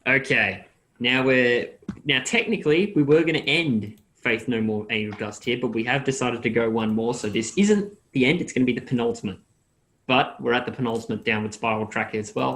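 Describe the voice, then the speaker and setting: A man's voice: mid-range voice, fairly bright tone. A man hosting a casual music podcast, upbeat as he guides the discussion. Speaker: podcast host.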